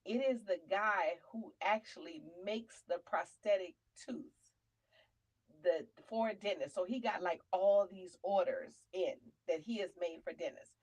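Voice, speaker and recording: A woman with a New York accent, telling a lively faith story on a talk show, dropping to murmurs and rising to loud cries. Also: a little slow, highs cut off. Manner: animated testimony, swinging from low murmurs to loud cries. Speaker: guest.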